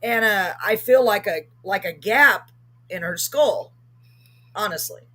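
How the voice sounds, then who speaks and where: A woman with a husky, slightly breathy voice tells a long story as host of a live show. She rambles casually, full of ums and quick self-corrections. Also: medium pitch, fairly bright tone.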